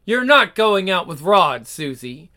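A man voicing a protective older aunt, speaking low, soft and earnest. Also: sing-song, unhurried, exaggerated voice. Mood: stern.

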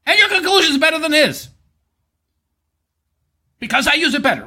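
A man's voice: big pitch swings, normal speed, pauses often, pushed and bright. A man giving mocking live commentary on a debate, sarcastic and heckling, laughing often as he talks. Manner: sarcastic, heckling, mocking, swinging wildly between high and low; laughs often while talking.

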